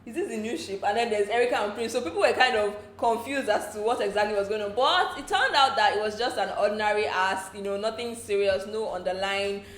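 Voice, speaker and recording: Nigerian woman, gossipy recap host, mid-pitched, echoey room. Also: a little fast, few pauses, a bit bright. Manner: chatty, laughs often, slips into pidgin asides. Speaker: entertainment show recap host.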